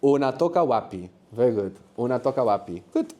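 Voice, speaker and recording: Man, language teacher, warm mellow voice, patient, explanatory, live workshop. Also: mid-range voice, expressive, a little fast. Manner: patient, explanatory, prompting students to answer.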